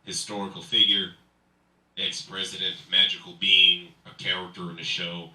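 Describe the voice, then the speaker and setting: A man hosting a live comedy show, working the crowd with loud, energetic emcee banter and stand-up. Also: deep voice, moderate pace. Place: live comedy venue, indoors. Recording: echoey room, mic from far off.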